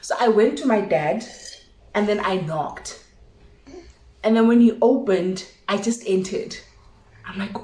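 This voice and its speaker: A young South African woman telling a story to her vlog audience in a lively way, acting out what each person said. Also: medium pitch, unhurried, long pauses. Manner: animated storytelling, switching languages, acts out dialogue. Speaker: vlogger. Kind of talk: casual storytime chat. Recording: echoey room.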